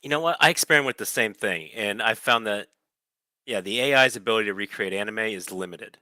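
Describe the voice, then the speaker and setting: An easygoing man co-hosting a casual podcast, joking along. His voice sits fairly low but has a very bright, sharp edge. The sound is dry and close. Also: fast talker, no echo. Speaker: podcast co-host.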